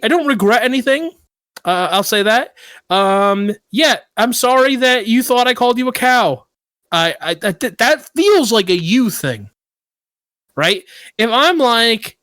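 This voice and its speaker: A man's voice: sits high, no room sound. A man co-hosting a podcast, telling a story in casual chat and getting worked up and indignant. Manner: animated storyteller who gets worked up and indignant. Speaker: podcast co-host.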